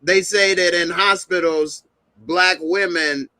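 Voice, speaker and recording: A man's voice: high voice, steady tone, takes it slowly, sharp tone, no echo. A man hosting a casual roundtable review chat, joking and making playful asides. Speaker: host of a review show.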